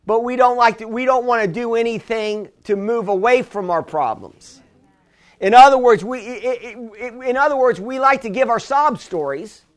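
Guy with a high voice preaching a sermon, chatty, lots of restarts and asides. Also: fairly bright tone. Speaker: pastor.

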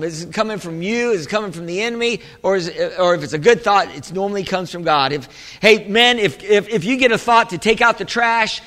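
A man with a high, ringing, bright voice preaches a sermon from the pulpit. His delivery is chatty and full of restarts, and he keeps calling to the congregation for an amen. The sound carries a long hall reverb, as in a large church sanctuary. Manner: call-and-response preaching, asking for amens; conversational, with repeated restarts. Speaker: pastor.

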